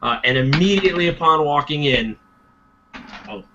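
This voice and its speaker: A man playing a tabletop role-playing game, switching playfully between his own voice and a gruff dwarf. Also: on the high side, expressive, normal speed, noisy background. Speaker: player voicing a dwarf. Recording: dull lo-fi sound.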